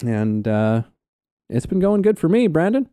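A man's voice: a little high, big pitch swings, unhurried, dark tone, dry recording. An easygoing man co-hosting a casual podcast. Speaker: podcast co-host.

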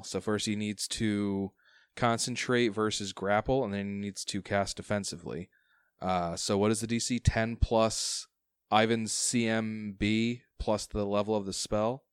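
A man acting as game master, explaining rules in a measured way with frequent restarts. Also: fairly low pitch, clear, resonant tone, no room sound, clean studio sound. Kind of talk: running a tabletop game.

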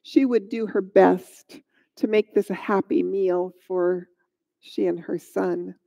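A woman narrating a Bible story in a gentle, measured storytelling way, on a dull lo-fi recording. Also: medium pitch, fairly even intonation, creaky.

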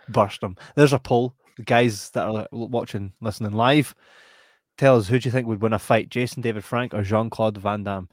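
A man with a Scottish accent hosting a podcast in casual chat, animated and laughing as he reads out viewer comments. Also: fairly low pitch, moderate pace, no room sound, studio quality. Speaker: podcast host.

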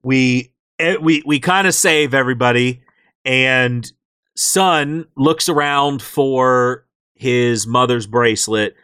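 A young man on a podcast, telling a game story in an animated way and jumping into character voices, in a dry close recording. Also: medium pitch, slow, clean tone, no room sound. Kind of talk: casual game recap chat.

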